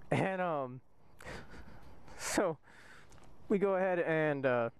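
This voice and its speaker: A man's voice: fairly high pitch, very slow, clear, resonant tone. A young man, a soldier, casually telling a rambling, profane story from inside a vehicle, laughing often. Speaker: soldier vlogger.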